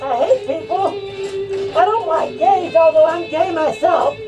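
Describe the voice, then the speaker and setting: A woman's voice: very high-pitched, measured pace, highs cut off. A woman voicing a drunk, scornful male hypocrite preacher who taunts and brags in a rowdy comic rant. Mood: mocking. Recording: distant mic with faint music.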